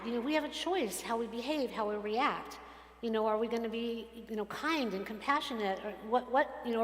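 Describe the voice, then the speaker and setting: Woman rabbi giving a sermon, bit high voice, big echoey sanctuary sound, acts out the people in her stories. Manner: animated storytelling, acts out quotes. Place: synagogue sanctuary. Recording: echoey hall from a distance.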